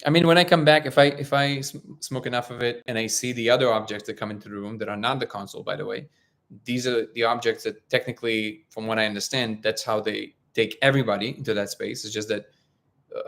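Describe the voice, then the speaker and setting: A man hosting a casual live-stream talk, speaking haltingly with many restarts and fillers. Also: medium pitch, a bit bright. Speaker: host of a live discussion stream.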